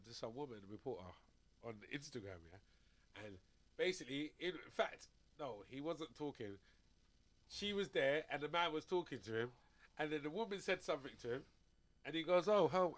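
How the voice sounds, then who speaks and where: A man hosts a radio sports show in loose studio banter. His voice sits high and bright and swoops all over as he tells stories. He rambles in slang and often breaks into laughter.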